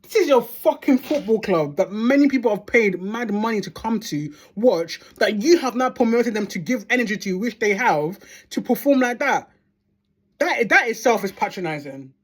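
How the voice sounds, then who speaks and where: A woman's voice: fairly high pitch, animated, moderate pace, husky. A woman ranting as a football fan vlogger, heated and sweary, repeating phrases for emphasis. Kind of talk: angry fan rant.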